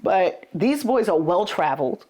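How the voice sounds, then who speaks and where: A woman's voice: lowish voice, expressive, a little slow, darkish tone. A middle-aged woman, co-hosting a podcast in an earnest, conversational way. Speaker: podcast co-host. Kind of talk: casual chat.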